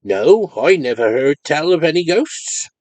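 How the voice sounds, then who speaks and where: A man playing an honest, slow-witted older farmer with a Cornish accent and plain rustic speech. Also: a little high, sing-song, darkish tone, no room sound. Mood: cautious.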